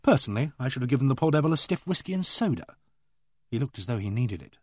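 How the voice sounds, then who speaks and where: Husky male audiobook narrator. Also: medium pitch, sing-song, fast talker, darkish tone, dry recording, clean studio sound. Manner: composed first-person storytelling.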